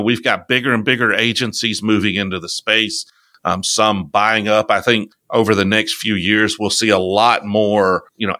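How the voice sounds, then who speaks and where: A middle-aged man with a slow Southern drawl, hosting a relaxed, folksy chat. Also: on the low side, no room sound. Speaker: podcast host. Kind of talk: casual conversation.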